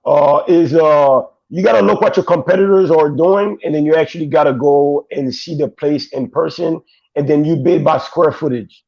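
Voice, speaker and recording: High-voiced gravelly guy swearing a lot, dull dry lo-fi sound. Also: normal speed, darkish tone. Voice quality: profane, emphatic street talk. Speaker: guest. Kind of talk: casual chat, storytelling.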